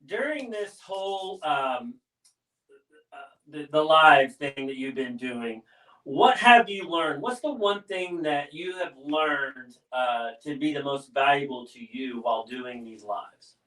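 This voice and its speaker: A man's voice: a little high, animated, slow, fairly bright tone, far from the mic. A man co-hosting a live chat, reading viewer questions and asking hesitant questions. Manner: brief interjections, hesitant questions. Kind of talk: casual chat. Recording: roomy sound from away from the mic.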